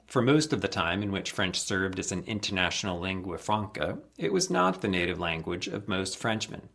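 Gravelly man reading an encyclopedia article. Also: on the low side, a bit bright. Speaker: volunteer reader.

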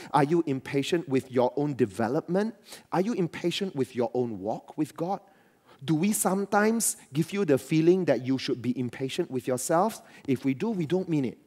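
A man's voice: medium pitch, mellow. A man preaching a sermon to his church as pastor, riffing with asides and quoted voices.

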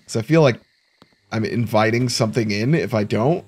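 A man's voice: fairly low pitch, sing-song, moderate pace, noisy background. A young man giving casual, joking let's-play commentary, talking to himself with sudden startled outbursts. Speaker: gaming YouTuber.

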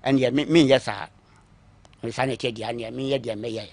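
A man recounting his own long story on a talk show, acting out what others said to him, moving between quiet asides and louder bursts. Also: medium pitch, fairly even intonation, normal speed, no room sound. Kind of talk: call-in story telling.

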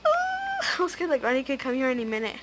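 A woman giving casual, excitable let's-play commentary as she plays, chatty and prone to gasps and squeals. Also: high voice, racing, heavy background noise. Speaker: gaming video host.

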